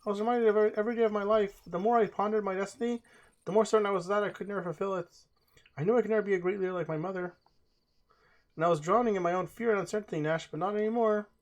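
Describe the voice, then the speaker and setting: Man doing earnest young female mage, pitched up, steady and determined. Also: racing, natural voice. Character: earnest young woman mage, guild heir.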